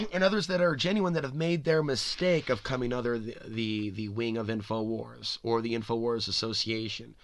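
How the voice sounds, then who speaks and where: A man's voice: medium pitch, steady tone, moderate pace, slight background noise. A man hosting a podcast, talking in a rambling, speculative monologue full of "you know" and restarts. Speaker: podcast host. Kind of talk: spoken monologue.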